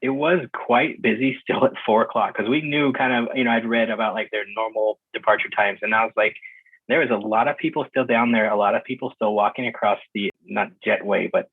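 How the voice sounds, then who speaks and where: A man calls in to a podcast and tells his story in a loose, rambling way, full of fillers and restarts. His voice is slightly husky and comes through a narrow, phone-like line with a dry sound. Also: lowish voice, fairly even intonation, brisk, no room sound. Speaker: guest. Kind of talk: casual conversation recounting a trip. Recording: muffled phone-line call.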